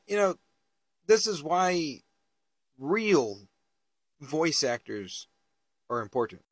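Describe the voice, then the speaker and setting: A man speaking in an indignant, emphatic way, often stumbling and restarting his words. His voice sits at an ordinary middle pitch. The sound is dry and close, with no room around it. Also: fairly bright tone, dry recording. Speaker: relative of a public figure. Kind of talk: casual commentary to camera.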